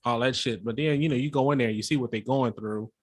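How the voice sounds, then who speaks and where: A man's voice: medium pitch, fast talker. A man co-hosting a podcast in a laid-back, conversational way, swearing casually. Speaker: podcast co-host. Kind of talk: casual chat.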